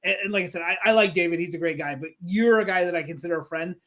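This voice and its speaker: A man interviewing a fighter in a casual chat, excitable and openly pulling for his guest. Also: sits high, rapid-fire.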